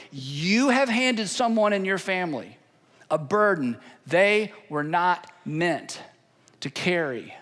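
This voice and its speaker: A male pastor preaching a sermon in an earnest, pleading tone, building his points through steady repetition. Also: high voice.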